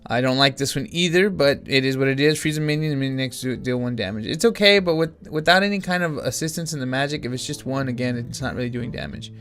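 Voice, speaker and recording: A tired-sounding man talks through a card game as he plays, rambling and restarting his sentences. His voice sits at an ordinary middle pitch. Faint guitar music plays quietly under his talk. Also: fast, hardly any pauses. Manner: rambling, thinking aloud with many restarts. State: yawning, tired. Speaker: gaming channel host. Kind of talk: casual gameplay commentary.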